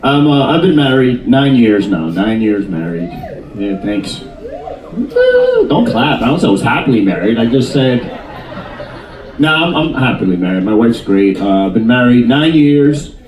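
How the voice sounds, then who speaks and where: Animated fifty-something stand-up comic. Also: male voice, medium pitch, normal speed, reverberant, recorded from a distance, low-quality recording. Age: 50s. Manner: animated, jokey, teasing the audience. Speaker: stand-up comedian. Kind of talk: stand-up crowd work. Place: cruise ship theater.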